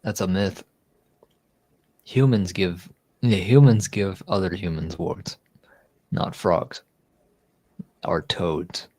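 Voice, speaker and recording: Low-voiced tipsy man chatting on stream. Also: slow, long pauses, warm tone. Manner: rambling, joking, laughs often. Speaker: livestream host. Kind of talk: casual chat.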